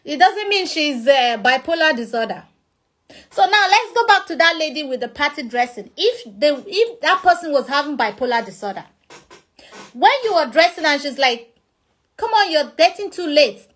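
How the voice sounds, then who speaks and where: A woman's voice: high-pitched, lively intonation, moderate pace, a bit bright. A woman with a Nigerian accent explaining a topic in a chatty vlog, acting out examples. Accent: Nigerian English. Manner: chatty, uses acted-out examples. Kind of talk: casual explanatory talk.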